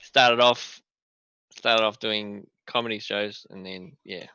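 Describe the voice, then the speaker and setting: A man's voice: fairly low pitch, steady tone, takes it slowly, pushed and bright, clean tone, highs cut off. A man with a New Zealand accent bantering casually and jokingly on a live stream.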